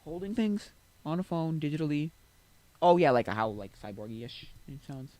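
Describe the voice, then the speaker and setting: A man's voice: fairly high pitch, sing-song, normal speed, a little mellow, dry recording, poor audio. A man chatting casually while streaming a game, rambling with many restarts and asides.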